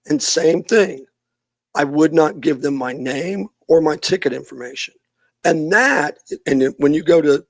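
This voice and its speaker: A middle-aged man with a somewhat high, husky voice tells a story in a casual interview, acting out the people he quotes. He speaks as a youth minister and podcast guest. The recording is close and dry. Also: expressive, moderate pace, no echo.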